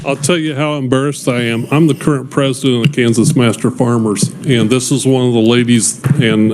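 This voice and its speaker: A man's voice: medium pitch, background noise. A man speaking as a state representative at a committee hearing, earnest and slightly apologetic. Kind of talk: committee floor remarks. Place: legislative hearing room.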